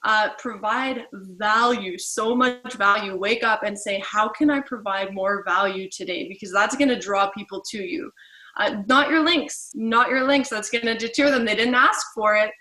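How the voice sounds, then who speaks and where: A woman giving a casual team training talk, chatty and lively, acting out little dialogues. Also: medium pitch, normal speed, poor audio.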